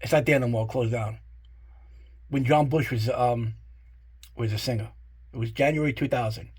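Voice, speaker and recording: A man's voice: mid-range voice, normal speed, slightly rough. A middle-aged man, rambling casually and swearing freely as he shows off his collection. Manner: rambling, profane, full of fillers and asides. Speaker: collector showing his guitar picks. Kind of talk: casual show-and-tell storytelling.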